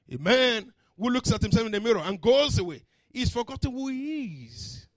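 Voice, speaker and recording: High-voiced preacher swinging soft to loud. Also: male voice, sing-song, moderate pace, hardly any pauses, no room sound. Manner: dramatic, swings from soft to shouting, acts out story voices. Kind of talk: sermon. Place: church service.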